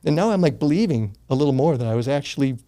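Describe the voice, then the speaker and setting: An older man in his sixties speaks as an interview guest, warm and mellow in tone. He tells his story in a casual, earnest way, with the odd curse word. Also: a little high, lively intonation, fast. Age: 60s. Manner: earnest, gets choked up, swears casually.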